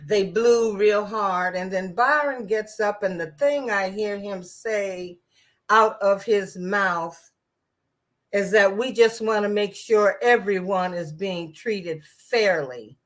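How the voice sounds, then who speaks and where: A woman talks through the news at a slow, unhurried pace, her pitch sitting in an ordinary middle range. She is sarcastic and rambling, doubling back on herself with restarts and asides as she comments. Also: fairly bright tone. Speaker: political commentator. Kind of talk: casual political commentary vlog.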